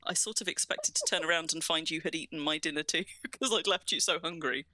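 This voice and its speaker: A woman from southern England chats through a game stream, rambling and poking fun at herself. Her voice is bright and forward in tone. She is recorded dry and close. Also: low-pitched, fast, dry recording. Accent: southern English. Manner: chatty, self-mocking, rambling. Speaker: streamer, co-host. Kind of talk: casual gaming chat.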